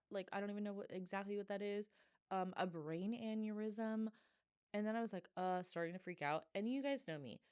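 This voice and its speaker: A woman hosting her own podcast, telling a story in a casual, animated way, full of "like" and dramatic asides. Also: lowish voice, no room sound, studio quality. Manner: animated, dramatic, filler-heavy with lots of "like". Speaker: podcast host.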